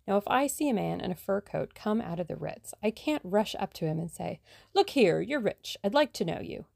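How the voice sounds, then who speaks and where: A woman voicing a plucky, scheming young woman adventurer in a brisk, self-assured way. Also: medium pitch, lively intonation, gravelly, darkish tone, no room sound, studio quality.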